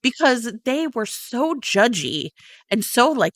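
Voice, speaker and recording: Animated woman podcast co-host. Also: a little high, slow pace, no echo, clean studio sound. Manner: animated, swearing, exaggerated quoting. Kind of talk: casual chat.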